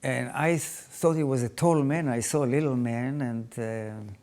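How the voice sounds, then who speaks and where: An older man tells his life story in English, haltingly, with many restarts and phrasing. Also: medium pitch, a little mellow. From Israel. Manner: halting, non-native phrasing with frequent restarts. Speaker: interviewee.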